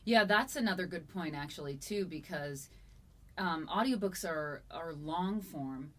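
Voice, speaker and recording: A woman's voice: sits low, measured pace. A woman interviewing an audiobook narrator, friendly and encouraging as she asks follow-up questions. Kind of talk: conversational interview.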